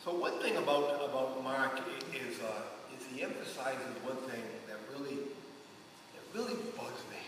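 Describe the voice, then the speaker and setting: Guy chatting thru a bible lesson, rambly, bright voice, sounds far off in a big echoey hall. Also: mid-range voice, expressive, unhurried, slight background noise. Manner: rambling and conversational, with restarts and asides. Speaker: Bible study leader. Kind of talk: informal Bible teaching.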